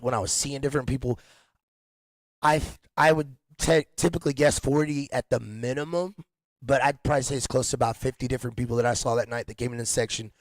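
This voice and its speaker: A man's voice: mid-range voice, no room sound. A man hosting a casual podcast chat, rambling in slang with frequent restarts and laughter. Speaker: podcast host.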